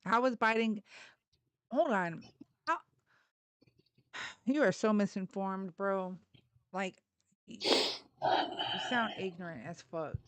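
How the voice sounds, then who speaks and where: Bright-voiced blunt woman from Texas. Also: mid-range voice, takes it slowly, long pauses, no room sound. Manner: blunt, argumentative, swears freely. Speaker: livestream host. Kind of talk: heated political debate.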